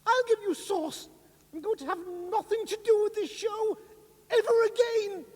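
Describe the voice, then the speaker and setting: A man's voice: very high voice, normal speed, darkish tone, long reverb tail, voice pushed up. A man voicing an indignant woman who storms off a show in a huff. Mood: outraged. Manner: huffy, outraged.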